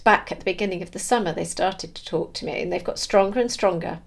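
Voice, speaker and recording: A woman giving an earnest, emotional spiritual monologue, halting and restarting as she searches for words. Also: fairly low pitch, creaky. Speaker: spiritual vlogger.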